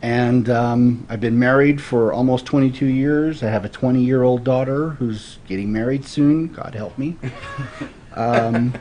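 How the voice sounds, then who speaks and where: A man's voice: mid-range voice, fairly even intonation, a little slow, dark tone, dull audio, slight background noise. Earnest storytelling man in his forties. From Florida. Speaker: guest. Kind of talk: casual interview storytelling.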